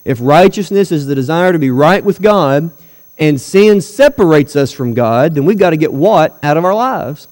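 A man's voice: a little high, lively intonation, moderate pace, darkish tone. A man preaching a sermon to his church, emphatic and full of rhetorical questions to the congregation. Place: church hall. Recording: long hall reverb.

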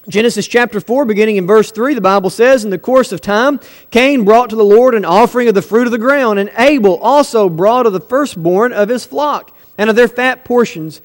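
A man with a high-pitched voice preaches a sermon in a church sanctuary, his words trailing into a long hall reverb. He keeps it conversational, tossing rhetorical questions at the congregation. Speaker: pastor.

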